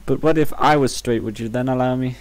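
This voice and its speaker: A young man teasing his friend in casual gaming chat, playful and drawn-out. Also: medium pitch, slight background noise.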